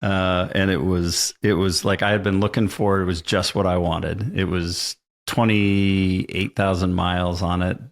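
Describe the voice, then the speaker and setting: A middle-aged man on a podcast, chatting casually in a lowish voice. He tells stories with lots of laughter and bursts of energy, his pitch swinging up when he gets excited. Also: unhurried, hardly any pauses. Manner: animated, laughs often while telling stories. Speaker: podcast guest. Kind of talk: casual chat, storytelling.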